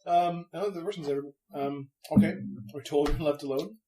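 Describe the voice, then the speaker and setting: Man, tabletop player, hesitant, unsure, slightly high voice. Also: moderate pace, dark tone, a little hiss or hum, low-quality recording. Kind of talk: casual play chat.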